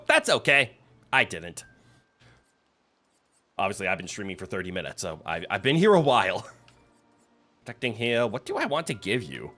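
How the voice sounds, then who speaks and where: Lively, bright-voiced male game streamer. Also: deep voice. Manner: chatty, reads game text aloud, playful exclamations. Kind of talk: casual gameplay commentary.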